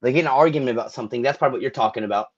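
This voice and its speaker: A man's voice: medium pitch, very fast. A man co-hosting a podcast in casual chat, swearing and losing his place in his notes. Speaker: podcast co-host. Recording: dull lo-fi sound.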